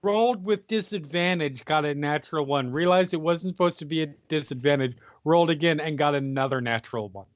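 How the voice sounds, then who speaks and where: A man's voice: a little high, fairly quick, hardly any pauses, dry recording, muffled recording. A man at a tabletop game, plainly explaining what happened with the dice to viewers. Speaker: player. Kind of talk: casual chat at a tabletop game.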